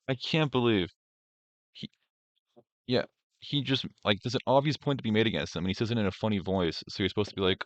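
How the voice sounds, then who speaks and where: A man's voice: fairly low pitch, brisk, long pauses, dry recording. A young man hosting a casual reaction stream, rambling and profane, mocking what he watches with lots of filler words. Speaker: streamer host. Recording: dry, dull lo-fi stream audio.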